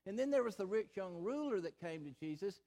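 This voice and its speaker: Emphatic, fairly high-voiced male pastor preaching. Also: lively intonation, mellow. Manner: emphatic preaching with rhetorical questions and slowed, stressed phrases. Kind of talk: sermon.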